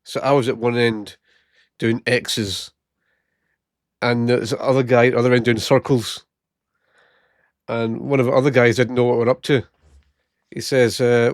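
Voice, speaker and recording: A man's voice: mid-range voice, little pitch movement, a little slow, long pauses, no echo, clean studio sound. A man vlogging in casual storytelling, a little short of breath from a chest infection, often laughing at his own stories. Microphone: new gated microphone close up.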